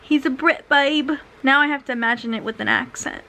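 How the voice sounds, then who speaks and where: A woman's voice: sits high, a little fast, pushed and bright, slight background noise, rough recording. A young woman chatting through a casual read-along book review, filler-heavy and full of sarcastic asides.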